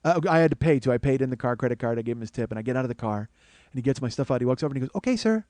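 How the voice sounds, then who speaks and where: A man's voice: medium pitch, fairly even intonation, very fast, a little mellow, no echo. A man hosting a comedy podcast, telling a rambling, profane, self-mocking personal story.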